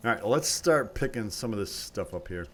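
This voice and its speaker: A man's voice: lowish voice, animated, moderate pace, a bit bright, faint music behind. A man chatting casually with his viewers while playing a logging game on a live stream, rambling and talking things over with his chat.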